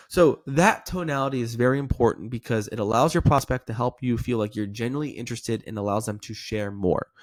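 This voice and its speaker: Man, sales trainer, demonstrative, middle pitch, keeps checking in with "okay?". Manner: demonstrative, acts out sample lines with rising inflection; coaching, repeats "okay?" often.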